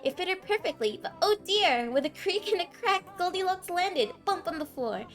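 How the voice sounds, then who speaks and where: A woman's voice: extremely high pitch, lively intonation, normal speed. A woman streamer reading a fairytale aloud on a live stream, giggling and stumbling over words between chatting with viewers. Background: faint background music.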